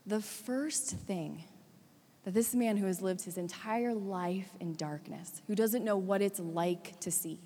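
A woman preaching a sermon, retelling a story with dramatic swings between hushed and urgent delivery. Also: medium pitch, takes it slowly, slightly rough. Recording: long hall reverb.

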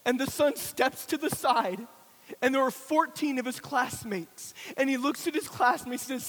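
A man preaching a sermon, telling a dramatic story that builds to shouts and then falls to a hushed prayer. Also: extremely high pitch, normal speed. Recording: long hall reverb.

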